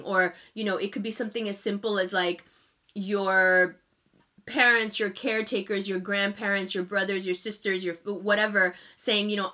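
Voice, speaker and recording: A New York woman rattles off a casual astrology forecast at speed, chatty and emphatic. Her voice is bright and sharp. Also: medium pitch, fairly even intonation, normal speed.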